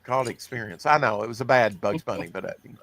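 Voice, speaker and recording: A man's voice: on the low side, lively intonation, quick pace, vocal fry, a bit bright. Rambling man hosting a comics podcast. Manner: rambling, filler-heavy, self-deprecating. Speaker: podcast host. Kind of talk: casual chat, reading comic news.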